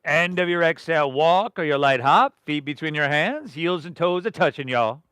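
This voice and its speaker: A man's voice: on the high side, normal speed, fairly bright tone, smooth, dry recording. Upbeat man guiding a yoga class. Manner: encouraging, rhythmic breath cues with casual asides. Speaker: yoga instructor. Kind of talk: live-streamed yoga class cues.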